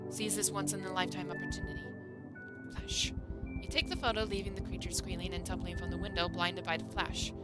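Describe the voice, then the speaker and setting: A woman streamer reading a game's story text aloud in a steady storybook manner. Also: lowish voice, fairly quick, loud music behind the voice.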